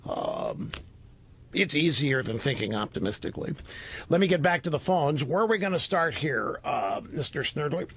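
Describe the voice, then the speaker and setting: A man's voice: normal speed, slight background noise. A man in his sixties hosting a call-in radio talk show, talking in an emphatic, opinionated way. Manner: emphatic, animated, sweeping pitch swings. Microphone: studio microphone. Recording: dry close studio sound.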